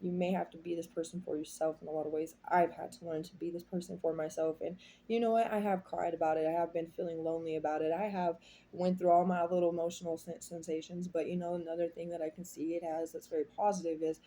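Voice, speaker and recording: A woman's voice: on the low side, fairly even intonation, fast talker, dark tone. A woman giving a tarot reading to her viewers, talking in a rambling, heartfelt, confiding way. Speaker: tarot reader. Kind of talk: casual tarot reading monologue.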